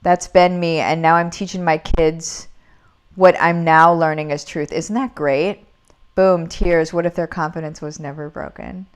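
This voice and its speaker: A woman, hosting a casual livestream from home and warmly greeting viewers by name. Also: sits low, fairly even intonation, unhurried. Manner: upbeat, greets viewers by name, talks to her dog. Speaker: business coach hosting a livestream. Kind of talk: casual livestream chat reading comments.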